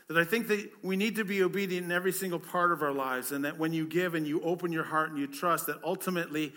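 A man's voice: a little high, fast talker, sharp tone. A man, a pastor, preaching a conversational sermon, full of rhetorical questions and repeated words.

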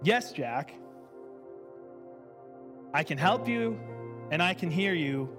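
A man voicing God as a calm, patient presence, speaking slowly and steadily. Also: on the high side. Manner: slow, steady, reassuring. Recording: reverberant hall with faint music.

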